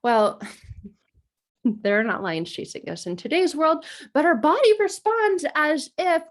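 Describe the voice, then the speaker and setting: A woman teaching about trauma responses to camera in a conversational way, acting out inner reactions with quick changes of voice. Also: a little high, huge pitch swings. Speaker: trauma educator. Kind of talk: explanatory video lesson.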